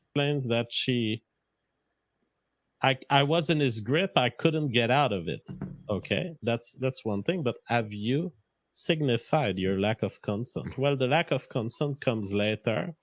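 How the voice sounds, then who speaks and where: A man with a French accent slowly reading out and questioning a story in a played stream clip. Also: mid-range voice, expressive, no room sound. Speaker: commentator. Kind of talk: played clip of a livestream monologue.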